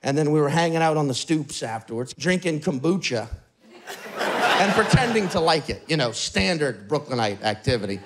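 A man doing stand-up, telling a story in a casual, animated way at a live show. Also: a little high, moderate pace, background noise. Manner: animated, conversational, swearing. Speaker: stand-up comedian. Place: live show before an audience. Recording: live mic with crowd laughter.

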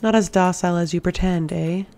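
A woman reading an audiobook, voicing a menacing immortal witch with iron teeth in a low, mocking tone. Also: fairly even intonation, a little fast, warm tone, lightly acted.

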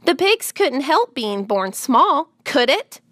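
Fern, a shrill eight-year-old girl, read by a woman. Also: very animated, slow pace, fairly bright tone, dry recording, clean studio sound, full character voice. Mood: upset pleading. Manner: shrill, pleading, tearful outbursts. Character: upset eight-year-old farm girl, tender-hearted.

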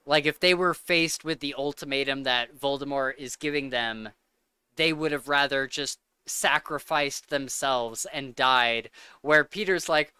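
Bright, gushing male podcast host. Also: mid-range voice, measured pace, smooth, no echo. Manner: enthusiastic, gushing, filler-heavy. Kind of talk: casual chat.

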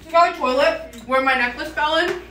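A woman's voice: high voice, fairly quick, pushed and bright, reverberant. A young woman giving a giggly, rambling hotel room tour to a friend's camera. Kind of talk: casual vlog chat.

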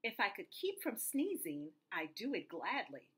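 A huge, apologetic male elephant from a picture book who frets and squeals at the slightest fright, as a woman reading aloud puts him on. The voice is breathy and swings widely in pitch. He talks slowly. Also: huge pitch swings, fairly bright tone, full character voice. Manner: fluttery, high squeals when scared.

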